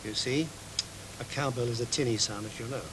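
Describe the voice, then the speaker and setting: A man's voice: medium pitch, steady tone, fairly quick, background noise. A man who writes jingles, telling anecdotes in an interview and acting out the conversations he had. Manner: storytelling, acts out dialogue and sings snippets. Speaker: jingle composer.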